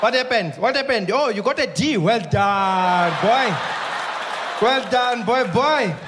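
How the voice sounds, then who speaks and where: A comedian voicing a male fan who loudly and patronizingly praises a losing team. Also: very high voice, expressive, slow pace, crowd noise, background noise, pitched above the performer's own voice, full character voice. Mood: doting.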